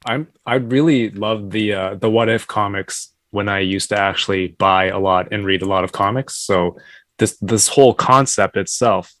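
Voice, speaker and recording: A man's voice: lowish voice, normal speed, a bit bright, no echo. A man in a casual chat, rambling and restarting his thoughts as he talks.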